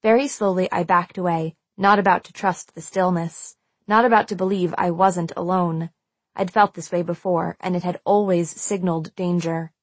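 A woman's voice: lowish voice, fairly even intonation, normal speed, dry recording. A woman reading a first-person audiobook aloud, telling a tense and suspenseful story. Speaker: audiobook narrator.

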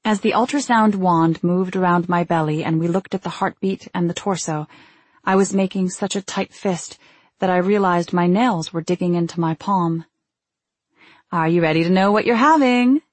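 A woman narrating a first-person novel in a measured, restrained way. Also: on the low side, steady tone, breathy edge, dry recording. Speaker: audiobook narrator.

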